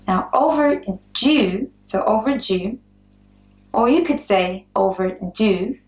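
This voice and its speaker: A woman's voice: mid-range voice, reverberant. A woman teaching an English lesson, patiently repeating words and giving simple examples. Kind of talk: slow, clear English lesson.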